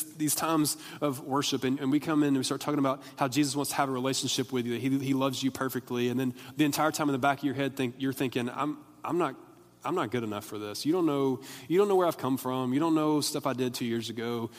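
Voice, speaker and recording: Man, young pastor, casual conversational sermon, restarts his sentences, acts out voices, echoing church hall. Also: medium pitch. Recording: long hall reverb.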